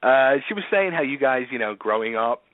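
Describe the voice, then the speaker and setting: Philly-accented host, lively pitch. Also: male voice, fairly quick, no room sound. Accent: Philadelphia. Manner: friendly, rambling questioner with fillers. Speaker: interview host. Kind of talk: casual interview chat. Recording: dry, phone-like line.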